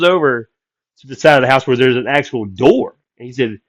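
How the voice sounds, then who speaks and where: A man telling a story from the road in casual chat, animated and acting out the people he quotes. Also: medium pitch, a little fast, no echo. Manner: animated, acts out quoted voices loudly. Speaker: comedian guest.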